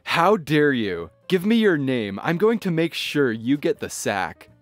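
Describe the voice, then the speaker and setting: A man voicing a shrill, entitled middle-aged woman passenger who talks in a slow, emphatic, demanding way. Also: very animated, no room sound, faint music behind. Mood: indignant.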